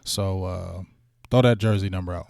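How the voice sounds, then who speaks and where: A man's voice: deep voice, moderate pace, gravelly, dry recording. A man hosting a sports talk livestream, chatting casually in slang and hyping up donations to his viewers. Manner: animated, slangy, hypes donations. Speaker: sports talk show host.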